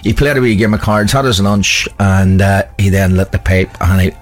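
A man's voice: low-pitched, normal speed. A middle-aged man, a guest on a radio show, telling a funny story and chuckling as he goes. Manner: chuckling raconteur. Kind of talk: casual anecdote.

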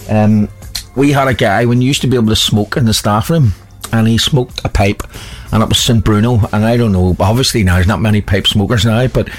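A man's voice: on the low side, fairly quick, soft background music. A middle-aged man, a guest on a radio show, telling a funny story and chuckling as he goes. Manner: chuckling raconteur. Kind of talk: casual anecdote.

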